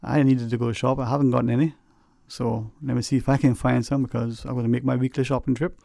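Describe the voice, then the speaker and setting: A man's voice: mid-range voice, flat delivery, fast talker, vocal fry, warm tone, no room sound. A man hosting a radio talk show, rambling and folksy with lots of "you know", earnestly advising listeners from a studio microphone.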